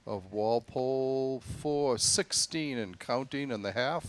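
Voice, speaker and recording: A man with an everyday, mid-range voice calls play-by-play at a local high school football game. He tracks each down and yard line in a level tone. When a runner finds room, he quickly gets louder and higher. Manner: rises in pitch and volume on big plays. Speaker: play-by-play announcer. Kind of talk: play-by-play commentary.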